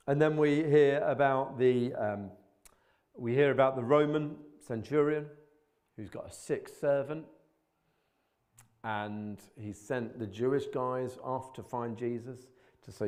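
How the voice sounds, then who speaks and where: A man's voice: mid-range voice, measured pace, darkish tone. A man giving an informal sermon in a church, chatty and colloquial, poking fun at himself, with bursts of emphasis. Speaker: preacher.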